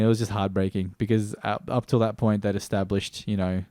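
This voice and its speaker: A man's voice: fairly low pitch, little pitch movement, fairly quick, hardly any pauses, warm tone, no echo, clean studio sound. Rambling, swearing man. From Australia. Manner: rambling, frequent restarts, casual swearing. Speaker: TV series reviewer. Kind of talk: stream-of-consciousness review.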